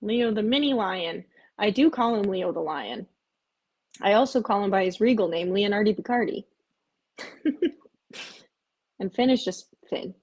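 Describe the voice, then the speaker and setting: A woman with a slightly husky, mid-pitched voice hosting a casual live stream. She chats loosely and rambles. Now and then she cuts in to coo at her pets. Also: unhurried, pauses often, a little mellow. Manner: chatty, rambling, often breaks off to coax her cats in a high cooing voice.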